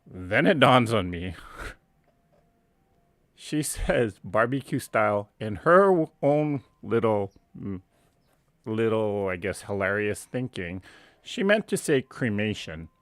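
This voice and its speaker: Low-voiced man telling a family story. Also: very animated, takes it slowly, dry recording. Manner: rambling, self-correcting, chuckles at his own story. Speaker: host. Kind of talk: casual storytelling on a live stream.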